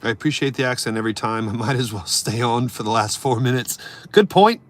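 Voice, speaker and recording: On his casual live stream, a man trades jokes with chat and answers viewers, veering from loud moments to mumbled side comments. He has a mid-range voice and a brisk delivery.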